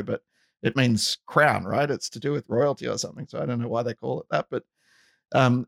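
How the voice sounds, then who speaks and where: A man with a gravelly, creaky voice talks loosely as a podcast host, circling back with "right?" as he thinks aloud. The sound is dry and close. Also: medium pitch, no echo. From outside the US. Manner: rambling, with frequent "right?" asides. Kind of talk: casual conversation.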